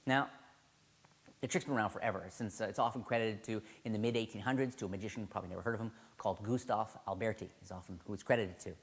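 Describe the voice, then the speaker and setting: A man's voice: fairly low pitch, steady tone, fast talker, breathy edge. A man teaching card sleights in a casual video tutorial, enthusiastic and conversational, often correcting himself mid-sentence.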